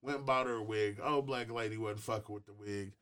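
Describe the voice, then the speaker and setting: A man's voice: on the low side, fairly even intonation, a little fast, a bit bright, slight background noise. A man co-hosting a talk show in a studio, telling a story casually with heavy profanity. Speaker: co-host. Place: radio studio.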